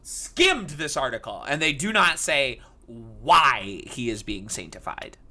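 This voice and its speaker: A man's voice: mid-range voice, very animated, takes it slowly, sharp tone. A man in his thirties co-hosting a comedy podcast, joking sarcastically and restarting his sentences as he goes. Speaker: podcast co-host. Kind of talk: casual comedic podcast chat.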